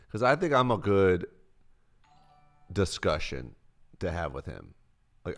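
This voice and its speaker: A man on a livestream answering chat questions in a loose, rambling way, swearing freely, close to his mic. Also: sits low. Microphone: close desk mic.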